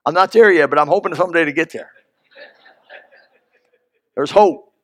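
High-pitched male preacher, folksy storyteller, bursts of loud emphasis. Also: rapid-fire, dry recording, clean studio sound. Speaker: pastor. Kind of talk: sermon.

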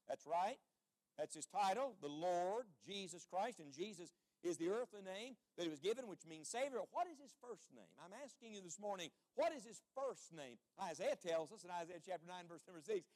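A man, a traveling evangelist, preaching an impassioned sermon, firing rhetorical questions and calling on the congregation to answer, swinging from loud to hushed. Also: high-pitched, lively intonation, a little fast.

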